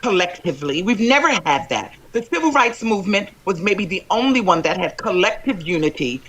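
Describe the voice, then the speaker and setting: A panelist in a heated political panel chat, talking in a forceful, emphatic and profane way. The pitch sits mid-range. A faint hiss sits under the remote call-in line. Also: big pitch swings, fairly quick. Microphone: remote call-in to live panel.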